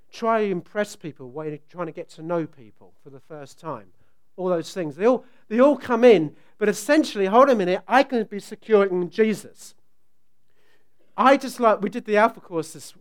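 A man's voice: sits high, lively intonation, normal speed, clear, resonant tone. A middle-aged man preaching a conversational sermon, joking with the congregation and asking them questions. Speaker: pastor.

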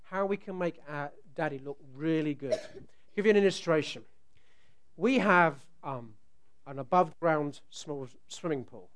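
A middle-aged man delivers a sermon in a smooth, resonant voice that sits a little high. He tells stories with animated swings, now and then bursting loud as he acts out a scene. He sounds like he is speaking to a church congregation on a microphone. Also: a little slow. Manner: animated storytelling, rising to loud outbursts when acting out scenes. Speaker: preacher.

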